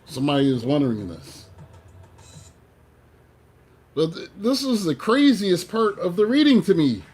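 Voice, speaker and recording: A man giving a casual tarot reading, animated, swearing and talking to himself. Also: sits high, brisk, breathy edge. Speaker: tarot reader.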